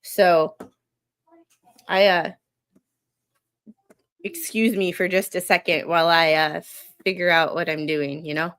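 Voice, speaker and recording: A woman's voice: fairly low pitch, fairly even intonation, slow pace, long pauses, a bit bright, clean tone. Chatty, easygoing woman streamer who laughs often. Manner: laid-back and chatty, laughs often, wanders off on tangents. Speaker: streamer hosting a live reaction show. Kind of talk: casual live-stream chat, reading stories and greeting viewers. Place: at home, late at night. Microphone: streaming microphone.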